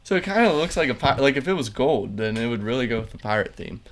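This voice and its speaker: A man's voice: mid-range voice, very animated, quick pace. A young man hosting a casual podcast chat, telling rambling, profane work stories full of likes. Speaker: podcast host.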